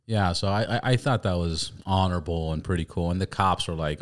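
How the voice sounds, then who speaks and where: A man hosting a podcast, chatting casually, swearing freely and telling animated stories. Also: low-pitched, brisk. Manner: profane, storytelling, animated. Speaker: podcast host. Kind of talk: casual chat.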